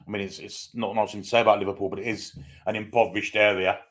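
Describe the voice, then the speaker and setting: A man's voice: fairly low pitch, flat delivery, rapid-fire, a bit bright. A man co-hosting a casual fan chat show, chatty and agreeable. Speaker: co-host of a football fan show. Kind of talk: casual live-stream chat.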